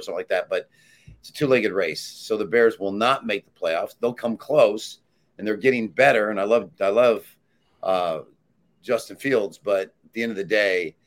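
Male handicapper, very low voice, emphatic and sure of his calls. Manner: assured, emphatic pick-maker. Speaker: sports handicapper, panelist. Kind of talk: casual sports talk.

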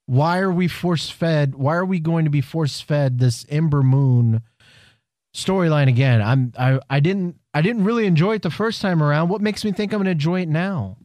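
A man's voice: fairly high pitch, normal speed, darkish tone, no room sound, studio quality. A man co-hosting a podcast in casual chat, teasing and joking, often firing questions back. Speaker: podcast co-host.

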